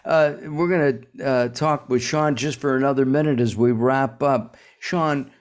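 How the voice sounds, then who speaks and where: Slow, halting male podcast host. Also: medium pitch, steady tone. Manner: halting, many "uh" fillers. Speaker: show host. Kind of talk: interview hosting.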